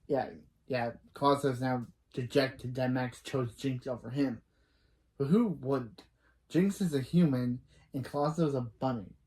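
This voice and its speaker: A man's voice: medium pitch, a little slow, mellow. A man casually recapping a kids' show episode, rambling and correcting himself as he reacts. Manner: rambling, self-correcting asides. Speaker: show reviewer.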